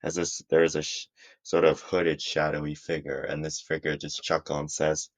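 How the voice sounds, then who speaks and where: Very deep-voiced man narrating a fan story. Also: flat delivery, moderate pace. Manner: rambling, frequent restarts. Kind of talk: casual fan-fiction storytelling.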